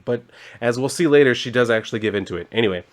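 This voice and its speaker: A man's voice: medium pitch, very fast. Man, casual comic recap, rambling, fillers, laughs. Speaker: comic reviewer.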